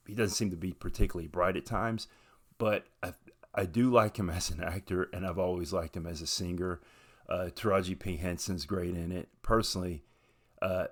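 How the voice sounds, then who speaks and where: A man's voice: deep voice, a bit bright. A man from Southern Appalachia talking frankly through his opinions, thinking aloud as he goes in a casual commentary. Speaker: video host.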